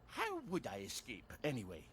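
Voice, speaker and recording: A man's voice: mid-range voice, wildly swooping pitch, moderate pace, slight background noise. An actor with a Scottish accent playing a sardonic man on the run in a video game, trading dry quips. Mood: wry.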